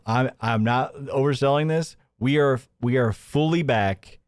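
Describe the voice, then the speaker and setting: A man hosting a live-stream commentary show, sarcastic and mocking, often laughing and jumping into a high mimicking voice. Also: a little slow, no room sound, studio quality.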